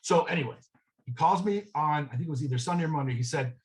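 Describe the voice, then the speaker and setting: Heard on a rough recording, a man with a slightly high voice speaks quickly during a real estate sales training session. He tells a story in a conversational style and keeps checking in with his audience by asking "okay?"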